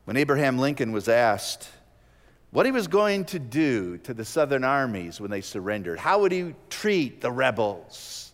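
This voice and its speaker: A man preaching a sermon, rising to loud emphatic peaks and dropping to soft, slow prayer. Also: mid-range voice, very animated. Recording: long hall reverb.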